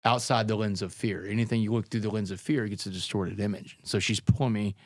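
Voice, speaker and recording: A man's voice: on the low side, steady tone, brisk, no echo, clean studio sound. Earnest man telling a hard story. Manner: earnest, conversational, calls people man and brother. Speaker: guest, author. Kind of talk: storytelling interview.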